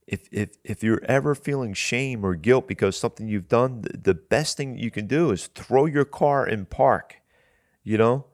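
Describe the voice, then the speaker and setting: A man's voice: mid-range voice, normal speed, no echo, clean studio sound. A man hosting a Christian talk show, preaching in an earnest, conversational way and often repeating his first words as he starts a thought.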